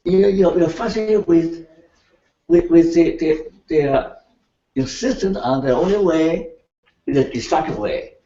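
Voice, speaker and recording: An older man lecturing a class in an animated way, laughing and checking in with his students as he goes. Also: fairly high pitch, measured pace. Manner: animated, laughing, keeps asking the class "right?". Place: lecture room. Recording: echoey, distant, dull room recording.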